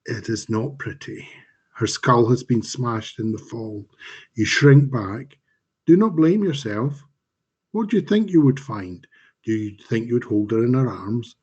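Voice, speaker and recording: Husky man reading a dark tale. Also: medium pitch, animated, lo-fi sound. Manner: slow, measured dramatic reading. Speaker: author. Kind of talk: reading fiction aloud. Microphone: home mic on a live stream.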